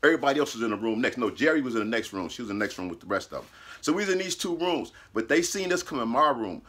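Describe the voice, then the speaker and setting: A man casually telling a personal story, animated and profane, laughing mid-sentence and acting out what people said. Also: mid-range voice, racing, breathy edge.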